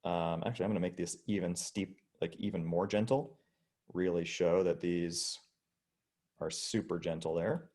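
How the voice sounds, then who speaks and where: A man's voice: deep voice, normal speed, darkish tone. A man teaching a casual online physics lesson, chatty and demonstrating with his body as he explains. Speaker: high school physics teacher.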